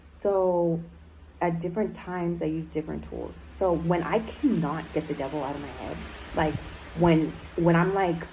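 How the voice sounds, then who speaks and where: Woman in recovery talking straight to camera, lowish mellow voice, swears a lot, lots of likes and ums. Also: measured pace, slight background noise, rough recording. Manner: blunt and emotional, swears often, many fillers. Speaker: person in a recovery program. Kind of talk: candid personal diary talk.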